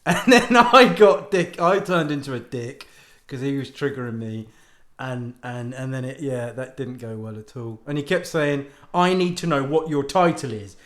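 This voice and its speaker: A man's voice: mid-range voice, animated, moderate pace, fairly bright tone, roomy sound. A man hosting a podcast, telling a rambling, sweary story and laughing often in exasperation. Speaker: podcast host and author. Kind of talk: rambling casual monologue.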